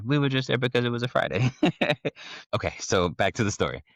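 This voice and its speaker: A man hosting a podcast, telling a casual, animated story about his kids with slangy asides to listeners. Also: mid-range voice, brisk, no echo. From Ohio. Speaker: podcast host.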